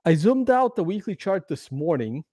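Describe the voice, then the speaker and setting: A man's voice: high voice, big pitch swings, moderate pace, warm tone, no echo. A man hosting a casual trading video, talking through charts in a rambling way, with many fillers and restarts. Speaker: crypto trading video host. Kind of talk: casual chart analysis commentary.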